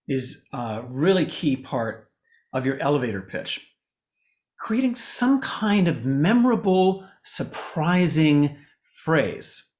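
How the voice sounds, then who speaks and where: A man giving an animated presentation as a communication coach over a video call, swinging his pitch widely for emphasis. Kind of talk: online presentation talk.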